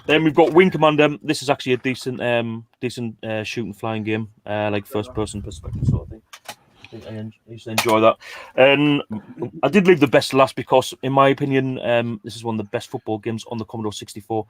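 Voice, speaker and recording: A man's voice: mid-range voice, a little fast, slight background noise. A man casually chatting with friends on a stream, often laughing as he talks. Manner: laughs often while talking. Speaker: co-host presenting retro games. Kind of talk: casual chat.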